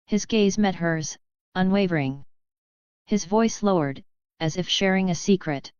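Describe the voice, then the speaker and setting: A woman narrating a webnovel audiobook in an even, measured reading. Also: on the low side, clean tone, no room sound, highs cut off.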